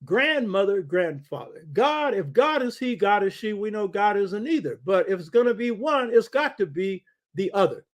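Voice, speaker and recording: A man's voice: high voice, expressive, normal speed, hardly any pauses. An older man hosting a talk show, lecturing in a preaching cadence and often calling out to his listeners for agreement. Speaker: show host. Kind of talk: lecture-style radio talk.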